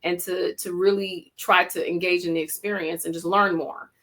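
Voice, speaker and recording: A woman's voice: fairly low pitch, level tone, normal speed, crowd noise. A woman with a Jamaican accent, a teacher telling her story as a podcast guest, reflective with frequent restarts. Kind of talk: podcast interview.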